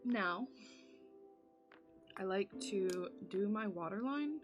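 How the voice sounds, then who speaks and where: A woman's voice: mid-range voice, expressive, takes it slowly, over music. A woman vlogger telling a spooky story in casual chat while doing her makeup, full of "like" fillers and dramatic retelling.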